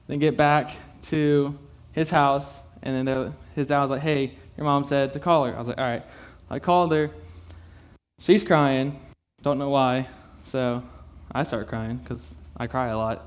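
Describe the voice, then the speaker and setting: Close to tears, a young man stumbles through a personal testimony for a youth group, his talk full of fillers and nervous laughs. His voice is mid-range, with fairly even intonation.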